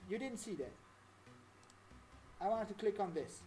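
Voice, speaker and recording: A woman's voice: mid-range voice, expressive, a little slow, dark tone, slight background noise. A woman talking through a casual live-stream tutorial, chatty and rambling, laughing often.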